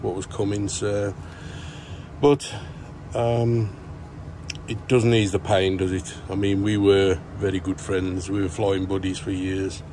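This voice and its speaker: Middle-aged guy vlogging, slow and rambly, lots of ums, bit of hiss behind. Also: sits low, little pitch movement. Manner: rambling, warm shout-outs with many fillers and restarts. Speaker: plant grower vlogger. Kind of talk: casual vlog chat with viewer shout-outs. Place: indoor grow tent.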